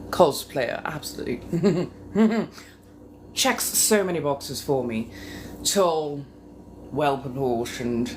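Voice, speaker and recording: Slow, flirty woman live-streaming. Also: a bass voice. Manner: flirty, teasing innuendo, muttering asides. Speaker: livestream host. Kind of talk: casual live-stream chat with viewers. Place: home. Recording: steady room noise behind voice.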